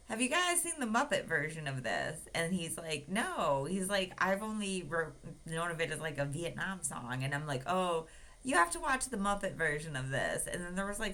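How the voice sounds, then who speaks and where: Low-voiced woman with a lively, chatty delivery. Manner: chatty, full of "like" and "um", acts out quotes. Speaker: vlogger. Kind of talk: casual personal storytelling.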